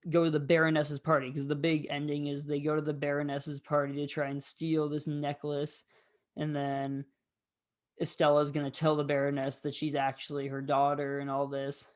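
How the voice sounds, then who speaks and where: A man's voice: fairly high pitch, monotone, normal speed. A man hosting a casual film review, talking in a rambling, candid way with frequent fillers.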